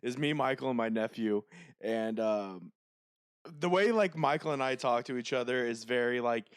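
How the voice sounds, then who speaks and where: A man co-hosting a podcast, telling stories in casual chat with frequent laughter and dark jokes. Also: mid-range voice, normal speed, clean tone, dry recording, studio quality. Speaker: podcast co-host.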